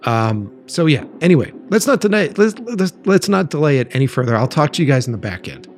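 A man hosting a podcast in casual chat, rambling with fillers and restarts, tired and slow from a late night. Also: on the high side, big pitch swings, a little hiss or hum. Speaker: podcast host.

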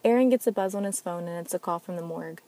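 Female drama narrator, low and mellow, reads all the parts. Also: fast, rough recording. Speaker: narrator and sole reader. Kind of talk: reading an amateur audio drama.

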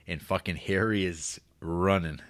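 A man's voice: sits low, fairly even intonation, measured pace, fairly bright tone, dry recording, clean studio sound. A man co-hosting a casual film podcast, talking loosely with lots of fillers and swearing. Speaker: podcast co-host.

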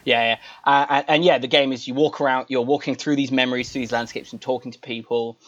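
A man's voice: medium pitch, fairly even intonation, fast talker, a bit bright, highs cut off. A young man hosting a casual podcast, chatty and self-deprecating as he leads the discussion. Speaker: podcast host.

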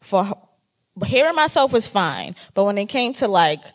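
A woman's voice: medium pitch, very animated, normal speed. A woman podcast host talking candidly and emphatically in a casual panel discussion, swearing freely.

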